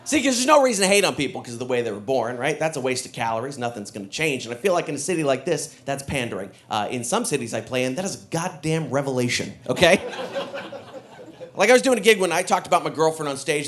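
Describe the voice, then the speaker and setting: A man performing a stand-up comedy set with a punchy, animated delivery, often slipping into character voices. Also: mid-range voice, fast talker. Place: comedy stage before a laughing audience.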